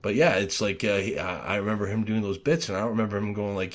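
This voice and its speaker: Rambling low-voiced podcast host. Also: male voice, fast talker, hardly any pauses. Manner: rambling, full of fillers, swears and loud acted-out quotes. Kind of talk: casual podcast chat.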